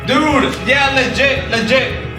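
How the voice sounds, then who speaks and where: A man streaming casual reaction commentary, excitable and blunt, repeating himself and swearing as he explains technique. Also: extremely high pitch, takes it slowly, heavy reverb, distant mic, music in the background.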